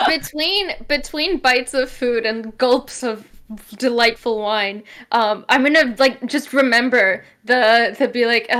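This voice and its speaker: A woman's voice: on the high side, measured pace, a bit bright. A woman playing in a tabletop role-play game, hesitant and stammering. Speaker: tabletop player.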